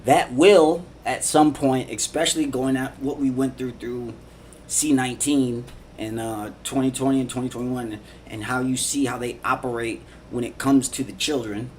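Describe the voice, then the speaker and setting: A man's voice: medium pitch, steady tone, normal speed, slight background noise. A man and father of three talking casually on a livestream, rambling, repeating himself, swearing and laughing. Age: adult father. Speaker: live streamer.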